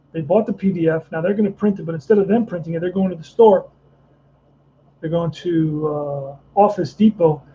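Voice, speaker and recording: A man with a high, gravelly voice talks through a tabletop baseball game, rambling and restarting as he thinks aloud. His tone is dark and mellow, and the recording sounds dull and slightly lo-fi with faint background noise. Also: moderate pace. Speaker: tabletop baseball player narrating a replay. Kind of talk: casual play-by-play and chat.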